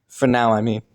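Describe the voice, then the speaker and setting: A man voicing Killua as a devoted young boyfriend in a romantic listener role-play audio, talking softly with many sighs and little laughs. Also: medium pitch. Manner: soft, sighing, breathy little laughs. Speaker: voice actor.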